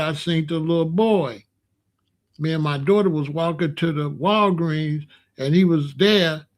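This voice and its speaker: Man, casual streetwise storyteller, voice a touch high. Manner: loose, streetwise, drops into low murmurs. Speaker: storyteller host.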